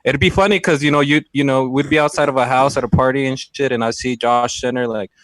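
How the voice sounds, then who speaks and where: A man co-hosting a podcast, retelling his own fights in a boastful, animated way and loudly acting out quotes. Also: mid-range voice, fast, no echo. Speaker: podcast co-host. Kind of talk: casual storytelling chat.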